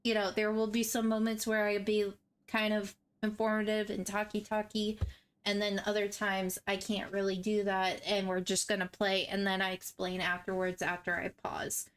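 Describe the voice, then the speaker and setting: A woman's voice: medium pitch, completely flat delivery, moderate pace, smooth. A woman hosting a game walkthrough, chatting casually in a rambling, self-deprecating way. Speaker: gaming walkthrough host.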